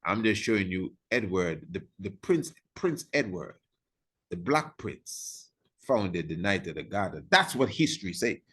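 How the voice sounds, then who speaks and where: A man's voice: deep voice, big pitch swings, unhurried, a bit bright, husky. A man giving an informal history lecture, emphatic and repetitive, firing rhetorical questions at his listeners and chuckling at his own remarks.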